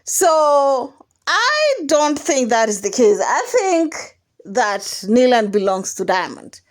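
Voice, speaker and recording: High, lively woman dishing celebrity gossip. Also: slow. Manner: animated, laughing often, emphatic rhetorical questions. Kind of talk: casual gossip commentary.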